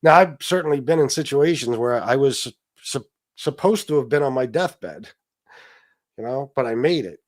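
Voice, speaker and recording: A man hosting his own talk show, speaking casually and emotionally, rambling with restarts, asides and the odd swear word. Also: mid-range voice. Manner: profane. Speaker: political talk show host. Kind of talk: casual live-stream talk.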